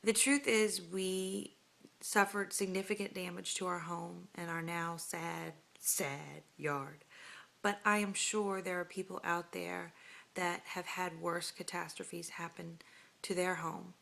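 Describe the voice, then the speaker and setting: Woman, thirties, heartfelt and hesitant at home on camera; clear, bright tone. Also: fairly low pitch, steady tone, slow. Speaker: homeowner making an audition video. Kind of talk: earnest home-video plea to camera.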